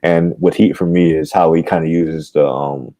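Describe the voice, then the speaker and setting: A man's voice: extremely low pitch, fairly even intonation, normal speed, mellow, no echo. A man talking as a podcast guest in casual chat, rambling and digressive.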